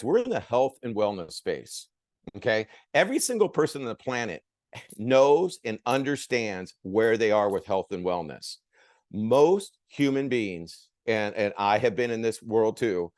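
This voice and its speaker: Energetic man coaching a sales class. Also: lowish voice, no echo, clean studio sound. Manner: energetic, addresses group with "guys" and "okay". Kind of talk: training talk with role-play.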